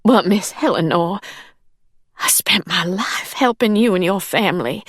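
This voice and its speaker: A woman's voice: medium pitch, animated, a little slow, breathy edge, dry recording, studio quality. Woman reading Nettie, a pleading loyal housekeeper. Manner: dialect grammar, deferential.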